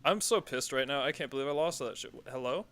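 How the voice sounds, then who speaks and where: A man's voice: medium pitch, quick pace, a bit bright. A man streaming a horror game, giving casual commentary full of swearing and sarcastic reactions.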